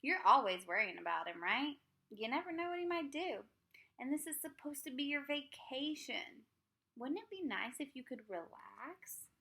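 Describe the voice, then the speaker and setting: A woman's voice: sits high, lively intonation, moderate pace, creaky, pushed and bright, pitched above the performer's own voice, full character voice. A woman reading as a bossy young girl. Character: bossy, self-assured young girl babysitter. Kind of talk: reading a children's book aloud.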